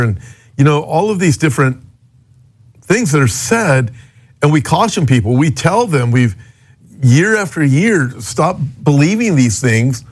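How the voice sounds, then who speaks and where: A man's voice: a little high, expressive, a little slow. A man co-hosting a radio ministry show as pastor, talking in an earnest, explanatory, conversational way. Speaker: pastor and co-host.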